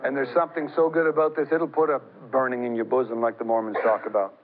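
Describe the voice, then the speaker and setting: A middle-aged man preaching a sermon, telling stories in an animated way that climbs high as he gets excited. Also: quick pace, background noise. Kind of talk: sermon with storytelling. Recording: tinny phone-like broadcast sound.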